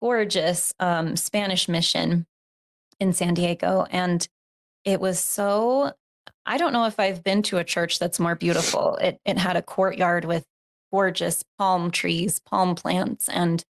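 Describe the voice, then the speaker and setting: A woman's voice: fairly low pitch, fairly even intonation, a little slow. A woman telling a story in a casual interview, earnest and reflective, with many fillers. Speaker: podcast co-host, guest.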